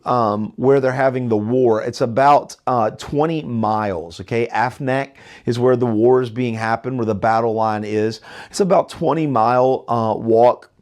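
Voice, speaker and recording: A man's voice: medium pitch, darkish tone. Casual, conversational male Bible teacher. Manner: conversational, with many fillers and restarts and check-in questions.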